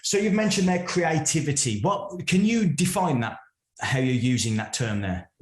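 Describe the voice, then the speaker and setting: A man's voice: on the high side, animated, normal speed, echoey room. A man hosting an interview, reflecting thoughtfully and asking his guest questions. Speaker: podcast host. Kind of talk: conversational interview.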